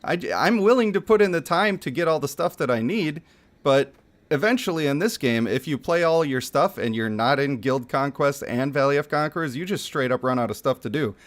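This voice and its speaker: A man streaming a mobile game from his home setup, chatting casually, getting excited and laughing often, into a desk microphone. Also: on the high side, brisk. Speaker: gaming streamer. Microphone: desk microphone picking up chair rumble.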